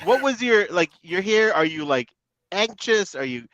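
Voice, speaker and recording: Lively teasing man on a dull line. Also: sits high, normal speed, no room sound. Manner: teasing, laughs often. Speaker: podcast co-host. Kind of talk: casual comedic chat.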